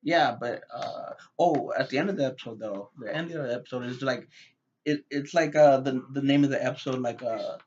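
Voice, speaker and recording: A man's voice: mid-range voice, brisk, a little mellow, lo-fi sound. A man giving a casual, rambling review, with lots of fillers and repeated words. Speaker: TV show reviewer.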